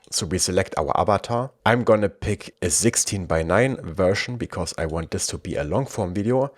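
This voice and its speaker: A man with a German accent, casually walking viewers through a software tutorial with dry asides. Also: deep voice. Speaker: tech reviewer. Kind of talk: screen-recorded software tutorial.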